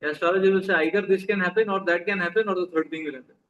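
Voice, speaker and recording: Very fast and high, with a steady, fairly bright tone, this man's voice comes through on a lo-fi recording. He is a spiritual teacher with an Indian accent giving a live sermon in a conversational style, asking the audience questions and dropping into Hindi.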